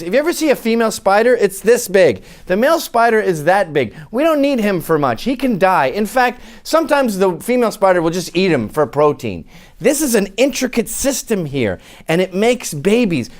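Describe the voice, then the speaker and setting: A man ranting to camera in a sarcastic, mocking tone, his fairly high voice jumping all over the place. He plays each point for laughs and keeps the delivery animated. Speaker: commentator. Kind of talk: comic opinion rant to camera.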